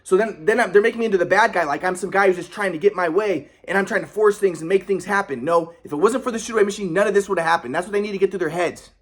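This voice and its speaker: A man's voice: high-pitched, rapid-fire, few pauses, fairly bright tone. A young man telling a personal story in a rambling, aggrieved way, with many restarts and repetitions. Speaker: vlogger.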